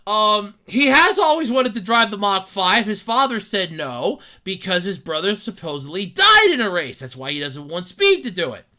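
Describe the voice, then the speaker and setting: A woman hosting a podcast, delivering an excitable, swearing, comedic rant with frequent laughs. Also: mid-range voice, normal speed, hardly any pauses. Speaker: podcast host. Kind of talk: ranting comedic podcast monologue.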